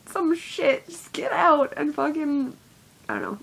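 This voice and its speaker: High-voiced young woman, rambling and profane. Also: very animated, measured pace, vocal fry, a bit bright. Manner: rambling, heavily profane, self-deprecating. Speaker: YouTuber. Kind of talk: confessional vlog monologue.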